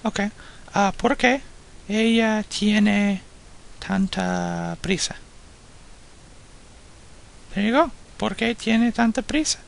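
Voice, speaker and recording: Very creaky man answering hesitantly. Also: sits high, slow, long pauses. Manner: hesitant, working answers out aloud with fillers. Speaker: student on the lesson. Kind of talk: casual spoken lesson.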